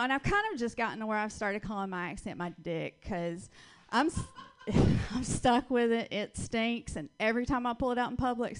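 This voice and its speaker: A woman in her forties from Georgia with a Southern accent, doing a brash, dry stand-up set on a club stage. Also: mid-range voice. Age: 40s. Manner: dry, brash storytelling with punchline pauses. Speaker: stand-up comedian.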